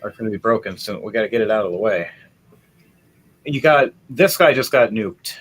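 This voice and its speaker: Animated man running a tabletop game. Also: brisk, slightly rough, soft background music, low-quality recording. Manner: animated, swings between loud bursts and low muttering. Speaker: game master.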